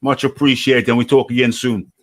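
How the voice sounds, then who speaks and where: A man's voice: mid-range voice, flat delivery, fairly quick. A man hosting a live boxing chat show, talking casually and repeating his phrases. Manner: repeats phrases, laughs easily. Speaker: podcast host.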